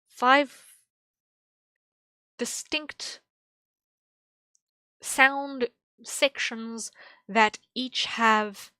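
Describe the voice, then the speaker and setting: A woman's voice: a little high, pushed and bright, dry recording. Young woman rambling on a drawing stream, lots of ums, dry close mic. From English-speaking. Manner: rambling, thinking aloud with many fillers and laughs. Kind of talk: casual chat while drawing on stream.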